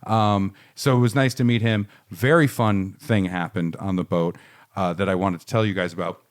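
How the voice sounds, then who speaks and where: A man's voice: sits low, fairly even intonation, normal speed. A young man casually telling a long story on a studio podcast, rambling with fillers and swearing freely. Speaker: podcast co-host. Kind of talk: casual chat.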